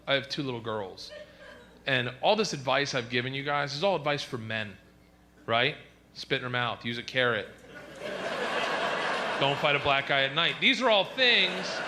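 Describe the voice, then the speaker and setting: Comic, male: high-pitched, swooping delivery, loud and crude storyteller, live stage in a noisy room. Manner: loud, animated, profane storytelling. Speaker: stand-up comedian. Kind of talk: stand-up comedy set. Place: comedy stage before a live audience.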